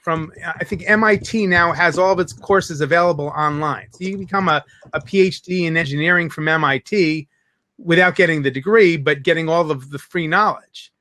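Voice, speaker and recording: Bright, high-voiced man hosting an interview. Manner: enthusiastic, quick storytelling with restarts. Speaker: interview host. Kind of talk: casual interview chat.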